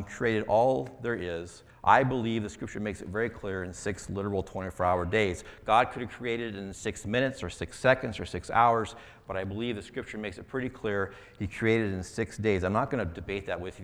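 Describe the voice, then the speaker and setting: A man's voice: on the low side, fairly bright tone. A man, a pastor, preaching a conversational sermon full of rhetorical questions. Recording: long reverberant hall.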